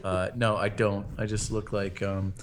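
A man's voice: lowish voice, little pitch movement, normal speed, noisy background. A man co-hosting a casual podcast, telling rambling stories and acting out what other people said. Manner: rambling storyteller, acts out quotes. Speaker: podcast co-host.

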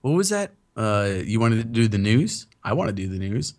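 Animated young man joking on a podcast. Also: on the low side, normal speed. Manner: joking, crude, laughs often. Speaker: podcast host. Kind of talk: casual podcast banter.

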